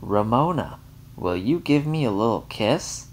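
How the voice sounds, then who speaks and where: A man's voice: mid-range voice, sing-song, a little slow, a little hiss or hum, pitched above the performer's own voice. A man voicing a gushing, girlish young woman visitor.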